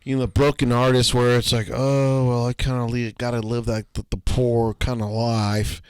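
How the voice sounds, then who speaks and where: A man's voice: medium pitch, level tone, normal speed, smooth, no room sound. Blunt, swearing podcast co-host man. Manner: blunt, swears freely, acts out little scenes. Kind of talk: casual chat.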